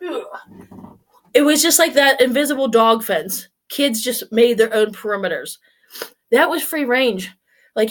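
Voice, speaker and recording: A woman's voice: on the high side, measured pace, gravelly, long pauses, fairly bright tone. A woman in her forties talking casually to camera, blunt and swearing freely as she tells stories. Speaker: vlogger.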